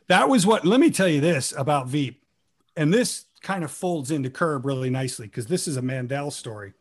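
A man guest actor telling lively stories and acting out quoted lines, with an improv comedy background. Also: fairly high pitch, brisk. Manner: animated, acts out quoted lines with laughs. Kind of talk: casual storytelling.

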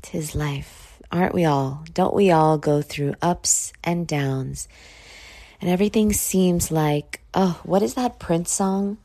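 A woman hosting her own podcast, just woken up and yawning, talking in a slow, reflective drawl with casual swearing. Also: lowish voice, dark tone. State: sleepy, yawning. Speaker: podcast host. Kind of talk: casual solo podcast talk.

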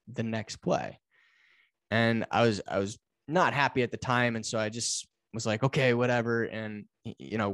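A young man, a guest on an interview podcast, telling a personal story with halting repeats that build into excited bursts. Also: mid-range voice, no room sound. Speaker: guest, motivational speaker.

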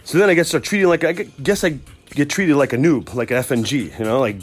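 A man hosting a podcast, telling a rambling, profane, excitable comic story from work. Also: a little high, quick pace, faint music behind. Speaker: podcast host. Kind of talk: casual comic storytelling monologue.

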